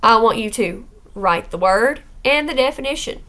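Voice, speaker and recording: A woman's voice: a little high, animated, normal speed, a bit bright. A woman teacher recording a vocabulary lesson for her students, explaining words plainly and checking in with "okay?". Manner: firm about classroom rules.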